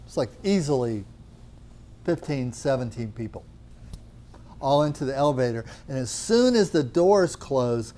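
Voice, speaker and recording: Mellow-voiced middle-aged man telling a story. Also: medium pitch, lively intonation, a little slow, long pauses. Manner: chatty, acts out dialogue, many fillers. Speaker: natural medicine teacher. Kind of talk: anecdotal storytelling to a class.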